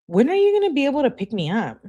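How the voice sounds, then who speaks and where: A woman voices a young girlfriend who complains and pleads in every text. The pitch sits somewhat higher than the reader's usual, and the tone is nagging and needy. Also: huge pitch swings, quick pace, dark tone, slightly rough, dull audio, full character voice. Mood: whiny. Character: whiny young woman texting her boyfriend.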